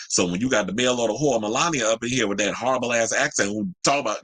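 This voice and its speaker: Guy doing a heated celeb news rant, bright pushy voice, swears a lot, dry close sound. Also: medium pitch, breathy edge, no room sound, low-quality recording. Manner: blunt, heated ranting with frequent cursing. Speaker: commentary host. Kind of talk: opinionated celebrity news commentary.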